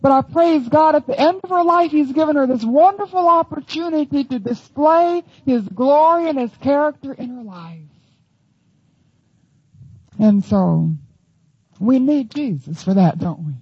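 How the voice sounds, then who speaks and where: A woman's voice: sits high, unhurried, no echo, dull audio. A woman teaching the Bible in an earnest, emphatic sermon.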